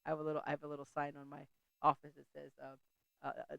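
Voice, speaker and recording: A woman's voice: sits low, completely flat delivery, very fast, creaky, a bit bright, no room sound, dull audio. A middle-aged woman hosting a faith talk show, preaching in a chatty, conversational way and often breaking off to laugh or restart a thought.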